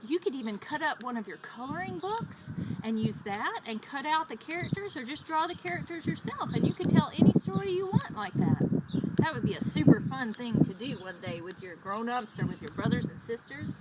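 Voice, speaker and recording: Casting: female children's librarian, high and very lively storytime voice, noisy recording. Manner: expressive, lively storyteller voice for kids. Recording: loud background noise.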